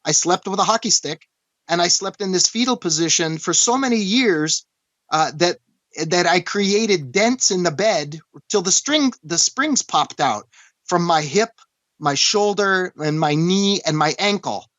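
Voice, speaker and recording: Halting man, dull dry sound. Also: sits high, expressive, fairly bright tone, no room sound. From Canada. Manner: earnest, halting, with many restarts and "you know". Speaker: interview guest. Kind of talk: personal storytelling in an interview.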